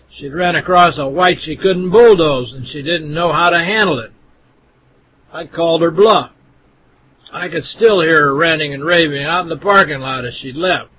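Husky male reader, fairly high voice, blunt and contemptuous delivery, dull lo-fi recording. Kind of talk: first-person reading aloud.

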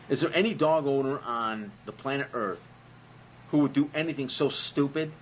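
A man's voice: mid-range voice, expressive, moderate pace, slight background noise. Man, host, sarcastic profane monologue, dull audio. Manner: sarcastic and profane, uses rhetorical questions. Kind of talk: comedic monologue on religion.

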